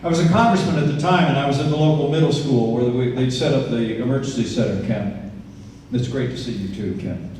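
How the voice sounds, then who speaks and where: A man's voice: medium pitch, brisk, few pauses, a little mellow, a little hiss or hum. A man in his sixties from Indiana giving a campaign speech, telling earnest stories with folksy asides. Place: event venue, large indoor room. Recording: echoey hall, distant mic.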